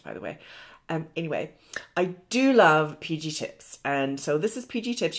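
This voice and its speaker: A middle-aged woman with a notably low voice talks through a makeup tutorial. She chats in a loose, rambling way and pokes fun at herself as she goes. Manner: chatty, rambling, self-deprecating with laughs. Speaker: beauty vlogger.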